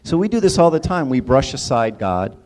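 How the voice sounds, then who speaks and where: A man's voice: medium pitch, sing-song, fairly quick, a little mellow. A man giving a conversational sermon-style talk, often asking the audience questions and checking in with "right?". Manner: casual, engages audience with questions and repeated "right?". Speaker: church speaker.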